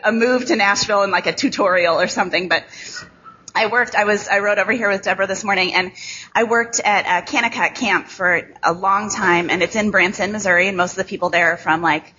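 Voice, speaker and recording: A woman in her thirties from Chicago with a nasal American Midwest accent, giving a candid, self-deprecating talk to a church audience with many ums and halting restarts. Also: medium pitch, pushed and bright, breathy edge, highs cut off. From Chicago, USA. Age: 30s. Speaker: guest speaker. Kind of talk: conversational speech to a church audience.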